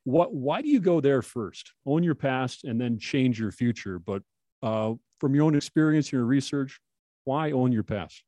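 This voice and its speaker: Curious male host, mellow dry voice. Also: medium pitch, expressive, measured pace, dry recording. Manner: curious, encouraging. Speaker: podcast host. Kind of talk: interview questions.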